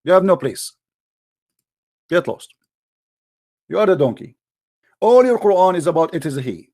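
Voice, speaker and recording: A man's voice: sits high, lively intonation, moderate pace, a little mellow. A man hosting a heated religious debate in non-native English, combative and mocking, often repeating himself. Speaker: debate show host.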